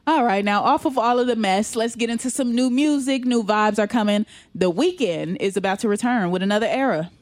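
A woman's voice: a little high, a little fast, hardly any pauses, a little mellow, dry recording. A woman co-hosting a casual entertainment news chat, slangy and laughing often. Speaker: co-host.

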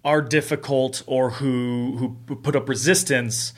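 A man in casual conversation as a guest director, telling animated stories and acting out what people said. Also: mid-range voice, a little slow. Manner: animated storyteller who acts out quotes.

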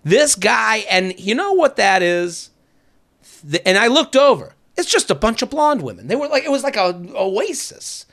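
A man hosting a podcast in casual chat, an animated storyteller who swears and acts out quotes. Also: high-pitched, moderate pace. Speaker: podcast host.

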